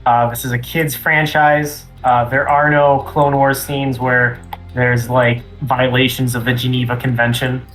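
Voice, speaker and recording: A man of middle pitch adds dry, deadpan asides while playing a tabletop game. His casual chat sits over faint background music. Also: measured pace, poor audio. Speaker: player.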